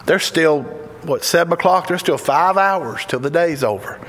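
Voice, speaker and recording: Speaking at normal speed, a high-voiced guest preacher from Tennessee, with a Southern Tennessee accent, gives a fervent, folksy sermon full of excited outbursts. The church sanctuary lends a long echo to every phrase, and a faint hiss or hum sits under the recording.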